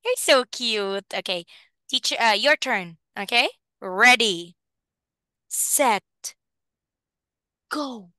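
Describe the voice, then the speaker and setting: Slow, bright-voiced woman teaching phonics. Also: a little high, lively intonation, dry recording, studio quality. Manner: encouraging, slow and clearly enunciated. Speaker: English teacher. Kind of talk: online phonics lesson with a child.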